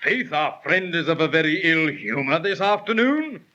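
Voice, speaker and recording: A man's voice: on the high side, big pitch swings, moderate pace, highs cut off. A man playing a merry, teasing actor in a 1930s radio drama, with jaunty archaic oaths. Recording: scratchy 1930s transcription disc with clicks.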